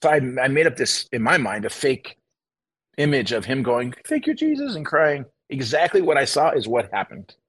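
A man, a guest minister, telling a testimony and acting out the people in it with high, excited quoted voices. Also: normal speed, husky. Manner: acts out quoted dialogue, voice jumping high. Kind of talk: animated testimony storytelling.

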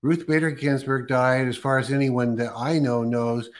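A man's voice: medium pitch, steady tone, normal speed. Man co-host asking a question. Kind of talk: casual talk show chat.

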